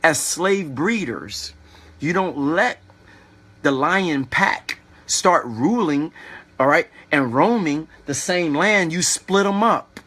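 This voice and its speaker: Guy preaching on his video, lively swoopy voice, bright tone, keeps telling you to think about it. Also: on the high side. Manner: preachy, animated, keeps asking "all right?". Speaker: online video host. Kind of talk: motivational talk.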